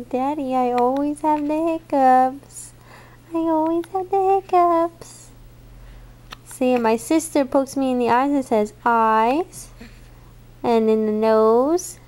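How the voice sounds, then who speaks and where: A baby boy chatting with his dad, voiced by his mother in her own soft baby-talk voice. The voice sits high and the words come slowly and gently. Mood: playful.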